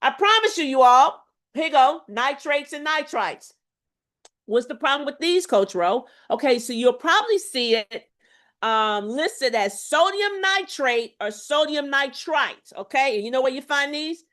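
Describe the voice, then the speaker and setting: A high-voiced woman coaching a crowd on health in a motivational lecture. She talks emphatically and preachily, keeps asking her listeners whether they hear her, and swings between loud bursts and low, confiding asides. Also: animated, unhurried. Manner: emphatic, preachy, calls to the audience with repeated "y'all" and "okay?".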